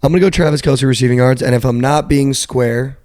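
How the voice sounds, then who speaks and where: A young man co-hosting a podcast, telling a story in a casual, animated way and swearing now and then. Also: mid-range voice, brisk, no echo, clean studio sound. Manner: animated storyteller, swears, quotes people flatly. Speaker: podcast co-host. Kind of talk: casual sports betting chat.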